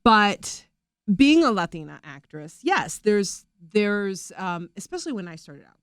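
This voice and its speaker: A middle-aged woman, an actress, talking casually in an interview, animated and rambling, often laughing. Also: mid-range voice, fairly quick, no echo, studio quality.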